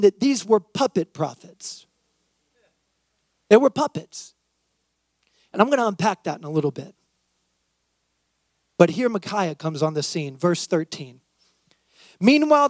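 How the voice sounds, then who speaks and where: Youth pastor preaching, man with a very high voice, dramatic scripture reading, dry close recording. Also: normal speed, pauses often, dry recording. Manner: reads scripture aloud, acts out quotes with lively emphasis. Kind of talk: sermon.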